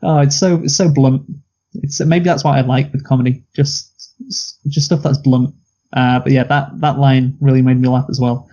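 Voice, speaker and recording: Male co-host for a casual film chat, mellow voice, muffled low-fi recording, blunt opinions. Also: fairly even intonation, normal speed. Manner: blunt, laughs at own picks, quotes lines. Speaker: movie review podcast co-host.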